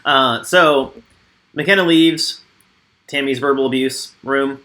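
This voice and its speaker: Bright-voiced man co-hosting a recap. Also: mid-range voice, slow. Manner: reads from his notes, dry commentary. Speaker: co-host. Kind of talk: casual recap chat.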